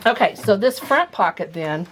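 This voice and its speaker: A woman's voice: medium pitch, expressive, normal speed. A woman giving a casual sewing demonstration, chatting as she explains each step while she handles the materials. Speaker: sewing instructor.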